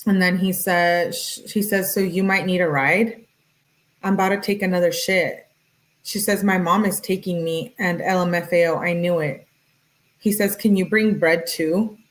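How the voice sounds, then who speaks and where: A woman with a voice on the low side commentates on a true-crime case, reading a couple's text messages aloud briskly and matter-of-factly while noting who sent each one. She talks directly to viewers in chat.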